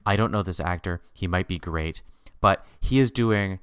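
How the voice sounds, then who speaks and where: Deep smooth-voiced laughing man. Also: normal speed, dry recording, studio quality. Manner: animated and laughing, with sudden upward pitch jumps. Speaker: podcast co-host. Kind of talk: casual chat recapping a TV miniseries.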